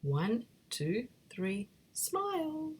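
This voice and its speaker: A woman voicing a big, kind, jolly male teddy bear who chuckles, in a breathy whispered role-play. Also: on the high side, wildly swooping pitch, drawn-out words, voice pushed up, exaggerated voice. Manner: chuckling and warm-hearted.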